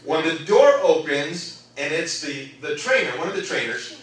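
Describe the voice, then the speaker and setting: A man pastor telling a story during a sermon, animated and acting out the voices of the people in it. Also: a little high, normal speed. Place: church sanctuary. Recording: echoey church hall, mic at a distance.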